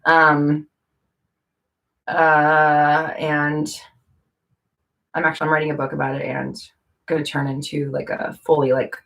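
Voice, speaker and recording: Woman vlogger, lower-pitched voice, casual and rambling, fillers, restarts. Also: monotone, a little slow, creaky, long pauses, a bit bright. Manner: rambling, lots of fillers and self-corrections. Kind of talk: casual talk to camera.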